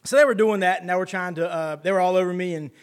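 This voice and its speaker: High-voiced pastor, casual sermon. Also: male voice, quick pace, clean tone. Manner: conversational storytelling with scripture reading.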